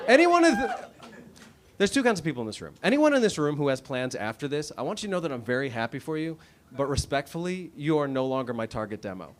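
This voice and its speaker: A man's voice: on the high side, noisy background. A man in his thirties performing a stand-up set on a comedy club stage, with a wry, self-deprecating, conversational delivery. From United States. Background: audience laughter.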